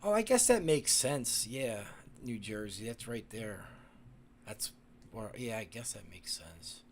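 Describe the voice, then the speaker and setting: Man, live stream host, casual rambling chat, profane, lowish voice. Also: animated, measured pace, a little hiss or hum. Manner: rambling, profane, many fillers and restarts.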